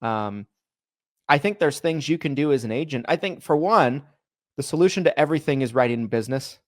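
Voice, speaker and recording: An animated man tells stories in casual podcast chat as a co-host, acting out the people he quotes. His medium-pitched voice moves fairly quickly, and the sound is clean studio audio with no echo.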